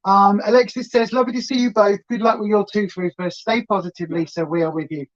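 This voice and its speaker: A woman's voice: medium pitch, fairly even intonation, fast talker, muffled recording. A woman co-hosting a home live stream, chatting casually and greeting viewers by name. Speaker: co-host of a weigh-in live stream.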